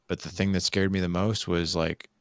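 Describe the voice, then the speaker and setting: A man in his forties, a podcast guest, telling personal stories in a candid, animated way and acting out what he once said. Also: low voice, normal speed, no room sound, clean studio sound. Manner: animated, acts out his own past quotes. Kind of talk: candid conversational storytelling.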